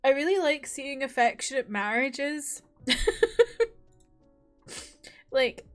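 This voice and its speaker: A woman's voice: high voice, takes it slowly, faint music behind. A young woman hosting a reaction video, chatting casually and from the heart with lots of "like" fillers.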